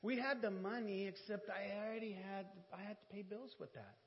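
High-voiced pastor telling a lively story. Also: male voice, fairly quick. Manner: animated, acts out dialogue with humor. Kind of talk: sermon storytelling. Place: church sanctuary. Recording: dull, reverberant church audio.

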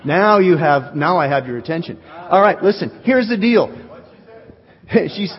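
A male pastor preaching an animated sermon, joking with his congregation. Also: high-pitched, unhurried, slight background noise. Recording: dull recording in a reverberant hall.

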